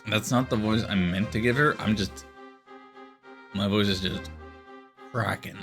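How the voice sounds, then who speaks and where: A man's voice: fairly low pitch, unhurried, a bit bright, soft background music. A man giving rambling, self-deprecating commentary while streaming a game. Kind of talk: casual let's-play commentary.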